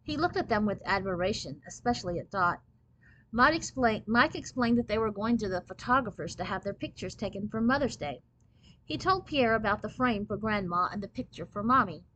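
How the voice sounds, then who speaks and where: A woman reading a children's book aloud in clear, steady storybook narration. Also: medium pitch, fairly quick, poor audio.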